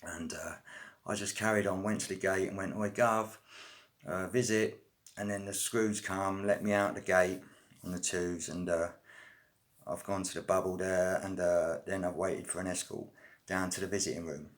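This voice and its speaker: A middle-aged man with a low, deep voice chats casually to camera as a vlogger. He rambles along with plenty of fillers and slang. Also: flat delivery, moderate pace. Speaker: vlogger telling prison stories. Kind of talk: casual storytelling.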